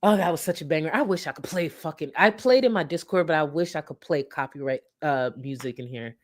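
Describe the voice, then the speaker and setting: A woman hosting a live stream, blunt and profane, with a sarcastic edge. Her voice sits a little low for a woman. She moves between crude jabs and sugary mock politeness. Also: a little fast. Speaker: commentary streamer. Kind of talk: casual live-stream commentary.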